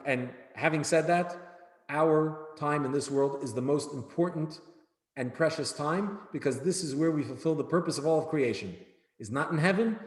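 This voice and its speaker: A man teaching an evening class in a conversational way, often checking in with "right?". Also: on the high side. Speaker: Jewish studies teacher. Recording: echoey hall.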